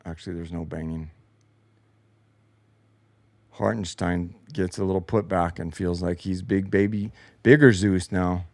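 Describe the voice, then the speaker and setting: A man hosts a post-game replay breakdown in a lowish voice, sarcastic and frustrated, swearing freely as he reacts. His voice sits close to the mic with a dry, deadened sound. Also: fairly even intonation, a little slow, long pauses, darkish tone, dry recording. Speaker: show host. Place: home basement.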